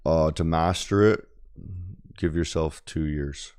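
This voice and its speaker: A man's voice: very deep voice, takes it slowly, darkish tone, clear, resonant tone. A man streaming his day trading in a loose, casual way, tossing in "okay?" and "right?" and swearing now and then. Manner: swears casually, restarts and repeats. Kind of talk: casual live-stream commentary.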